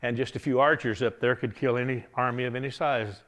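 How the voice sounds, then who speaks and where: A man preaching a revival sermon, telling a Bible story in a folksy, animated way, often chuckling. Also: mid-range voice, fast talker.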